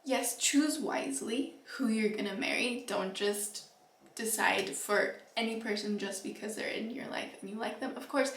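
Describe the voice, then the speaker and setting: A young woman talks through life lessons in a casual, earnest way, pausing with soft fillers. Her voice sits a little high and rings in a roomy space. She is heard from a short distance off the mic. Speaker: vlogger. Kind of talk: casual advice talk to camera. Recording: echoey room, voice a bit off-mic.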